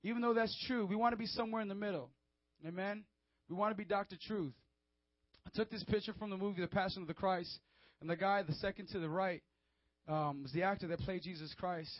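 A man's voice: sits high, fairly even intonation, a little fast, no echo. A man preaching a fervent, emphatic sermon to a young audience, often calling out to his listeners. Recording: dry, dull lo-fi sound.

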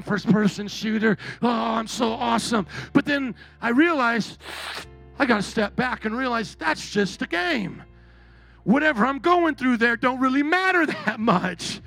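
A man preaching a sermon as pastor, animated, acting out whining complainers and shouting for emphasis. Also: very high-pitched, gravelly.

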